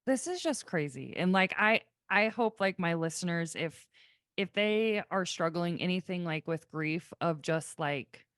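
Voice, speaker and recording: A woman's voice: on the low side, lively intonation, unhurried, fairly bright tone, no echo, clean studio sound. A woman hosting a podcast, speaking earnestly and emphatically in casual conversation, with many fillers. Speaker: podcast host.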